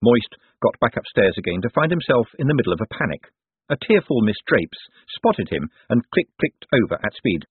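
Husky male audiobook narrator, tinny sound. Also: medium pitch, sing-song, normal speed, dry recording.

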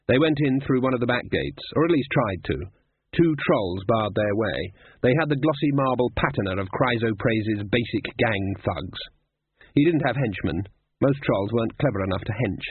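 A man's voice: medium pitch, lively intonation, moderate pace, husky, no echo. A man narrating an audiobook in a dry, comic storytelling manner. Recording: tinny lo-fi narrow sound.

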